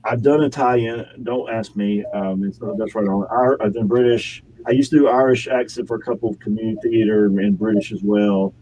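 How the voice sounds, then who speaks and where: A man talks as a guest in a casual interview, rambling from one anecdote to the next and laughing as he goes. His voice is dark and mellow, recorded in his home studio with a faint hum of room noise behind him. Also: fairly low pitch, fairly even intonation, brisk, hardly any pauses, low-quality recording. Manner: rambling, chatty storytelling with frequent laughs. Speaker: actor and model, guest.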